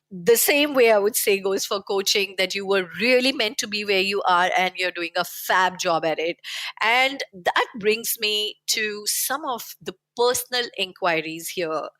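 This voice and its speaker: A woman's voice: medium pitch, fairly bright tone, dry recording. A woman hosting an interview, asking long, winding, probing questions. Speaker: podcast host.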